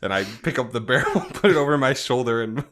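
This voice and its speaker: A man's voice: medium pitch, lively intonation, fast talker, fairly bright tone. A man playing a character in a tabletop role-playing game, chuckling as he describes what he does. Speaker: player. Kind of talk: casual tabletop role-play.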